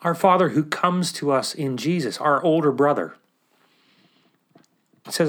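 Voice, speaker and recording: A man talking about faith in a casual, animated way, often acting out the voices he quotes and using fillers like "like". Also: a little high, unhurried, pauses often. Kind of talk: casual sermon-style chat.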